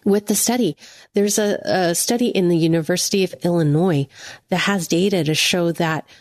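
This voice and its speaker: A woman giving an earnest devotional teaching, speaking gently to the listener as a friend. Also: fairly low pitch, normal speed, no echo, clean studio sound.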